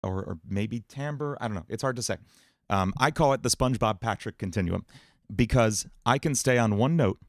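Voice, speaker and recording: Man with a dry, mid-pitched voice, explaining casually. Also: moderate pace, no echo. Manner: relaxed explaining, many fillers, breaks into sung and put-on voice demos. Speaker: music producer and livestream host. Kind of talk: casual livestream Q&A on singing and voice.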